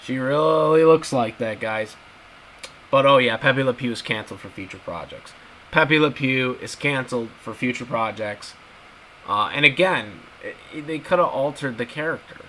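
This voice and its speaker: A YouTube commentator talks to his viewers in a casual video, calling them "guys" and hammering his points home repetitively. His medium-pitched voice is bright and forceful at a moderate pace, and the rough recording carries a little hiss or hum.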